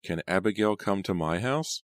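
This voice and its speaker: A man's voice: deep voice, lively intonation, normal speed, no echo, studio quality, pitched above the performer's own voice. A man reading an audiobook, voicing the gleeful, taunting ghost of a little girl in a raised, girlish voice.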